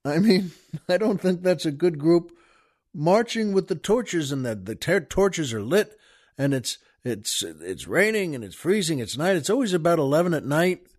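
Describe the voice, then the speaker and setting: A man's voice: on the high side, very animated, moderate pace, darkish tone. An older man hosting a podcast, talking in a casual, rambling monologue full of fillers, restarts and little chuckles. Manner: folksy, chuckling, meandering with many fillers and restarts. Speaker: podcast host.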